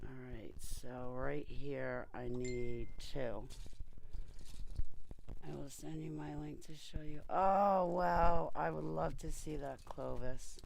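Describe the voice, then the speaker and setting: A woman's voice: low-pitched, fairly even intonation, slow pace, gravelly, darkish tone, a little hiss or hum. A woman vlogger chatting to viewers and telling a story while she works at a desk mic. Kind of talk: casual chat while filling capsules.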